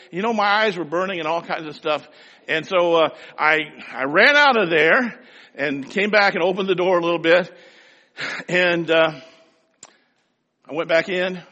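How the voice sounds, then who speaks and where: A man's voice: sits high, bright, forceful tone, dull audio. A man preaching a sermon, telling a homespun story in a folksy, anecdotal way before turning to scripture with emphasis. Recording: long hall reverb.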